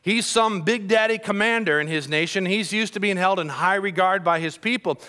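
A man's voice: sits high, moderate pace, sharp tone. A man preaching a sermon, retelling a story with dramatic swings in volume. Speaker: pastor.

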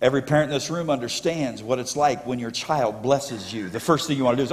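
A male pastor with a mid-range voice preaches quickly, with hardly any pauses, emphatically rallying his congregation to call back to him. The recording carries the echo of a church sanctuary.

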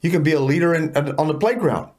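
A man's voice: a little high, quick pace, darkish tone. A man co-hosting a casual Bible study discussion, talking in an emphatic, preachy and colloquial way.

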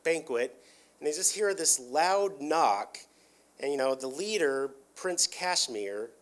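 A man's voice: on the high side, animated, slow. A man casually retelling a cartoon episode, rambling with lots of filler words and restarts.

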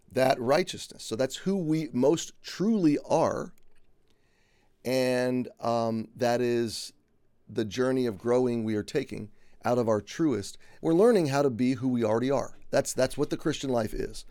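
A man's voice: medium pitch, a little mellow, no room sound, clean studio sound. A man giving a conversational Bible teaching, earnest, unpacking words one by one and often checking in with "okay?".

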